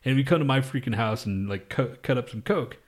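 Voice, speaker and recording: Young male podcast co-host, mid-pitched, rambling and profane, laughs a lot. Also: fairly quick. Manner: loose, profane storytelling with frequent laughs. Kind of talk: casual chat.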